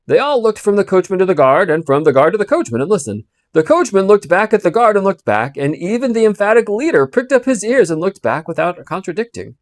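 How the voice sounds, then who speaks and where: A man narrating a classic novel with expressive, storytelling delivery. His voice sits a little high and the recording is dry and close, with no room sound. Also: no room sound. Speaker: audiobook reader.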